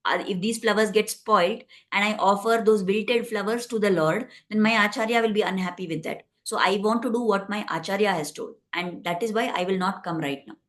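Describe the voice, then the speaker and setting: A woman speaking as a calm male saint, steady and firm, whose voice sits in an ordinary middle pitch. The story is told plainly, and his loyalty to his guru rings through each line. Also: fairly quick, few pauses, lightly acted.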